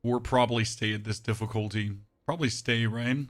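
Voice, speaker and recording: Man, game streamer, hoarse strained voice, monotone, mid pitch, casual chat with viewers. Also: a little fast. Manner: flat monotone delivery; talks to chat with frequent "right?". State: hoarse, voice nearly gone. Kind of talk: casual live-stream chat while playing.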